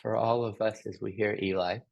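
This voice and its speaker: A man facilitating a group session, gently asking slow, open questions. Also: on the low side, flat delivery, vocal fry. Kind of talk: guided group reflection.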